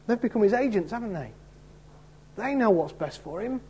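A man preaching a Bible sermon in a chatty, conversational way, often turning to his listeners with tag questions. His voice sits somewhat high for a man, and it has a husky, slightly breathy grain. The tone stays warm and mellow rather than bright. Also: lively intonation, a little fast. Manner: acts out quoted voices in the story. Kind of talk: expository sermon.

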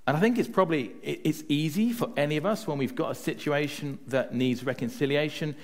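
A man's voice: a little high, a little fast. A man preaching a conversational sermon, telling personal stories and often checking in with his listeners. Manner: chatty, often adds "right?" to check in with listeners; tells personal stories to make a point.

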